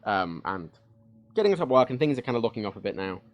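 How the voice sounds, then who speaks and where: On his home livestream, a UK man talks openly through a desk mic, meandering with many fillers and restarts. He has a somewhat low, sing-song voice and a quick pace.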